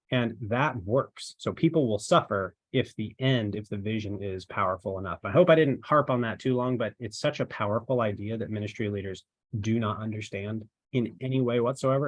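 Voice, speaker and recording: A man's voice: fairly low pitch, no room sound. A man as a trainer, giving an informal, rambling talk to his team and tossing in rhetorical questions. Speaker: ministry marketing trainer.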